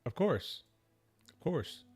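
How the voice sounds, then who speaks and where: A man streaming a game, talking slowly and casually in a kept-down voice, with a lot of slang. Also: darkish tone, slight background noise. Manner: slow, laid-back talker; keeps voice down. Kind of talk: casual live-stream chat.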